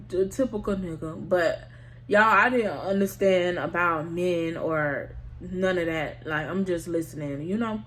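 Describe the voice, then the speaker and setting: A woman's voice: fairly low pitch, a little slow, a bit bright, a little hiss or hum. Candid woman telling a storytime vlog. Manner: candid, slangy, keeps addressing the viewers. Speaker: storytime vlogger.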